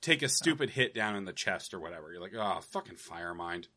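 A man's voice: low voice, expressive, quick pace, sharp tone, slight background noise. A man co-hosting a casual gaming podcast, talking in a wry, jokey way. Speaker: podcast co-host.

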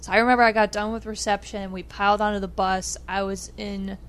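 A young adult woman co-hosting a podcast, telling a story in casual chat, animated and laughing with lots of "like" fillers. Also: mid-range voice, fast, a little hiss or hum. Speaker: podcast co-host.

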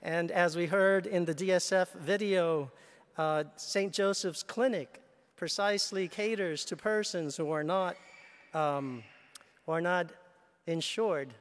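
A man preaching a sermon as a priest, slow and measured, telling a story as he goes. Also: sits high. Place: church. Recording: reverberant church hall. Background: long hall reverb.

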